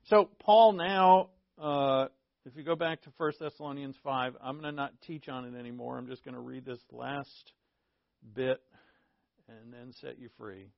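A man's voice: mid-range voice, little pitch movement, normal speed, creaky, dry recording. A man preaching as a pastor in informal Bible teaching, conversational and joking, often checking in with his listeners. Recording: dull lo-fi dry recording.

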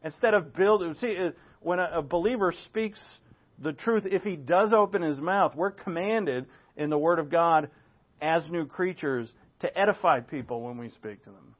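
A man's voice: fairly high pitch, moderate pace. Man preaching a lo-fi sermon. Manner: expository preaching with asides and rhetorical questions. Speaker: pastor. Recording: dull lo-fi sound.

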